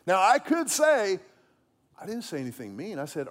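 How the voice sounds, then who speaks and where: Male pastor, high and very expressive pitch; animated, conversational sermon delivery. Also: normal speed. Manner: animated, conversational, self-deprecating humor.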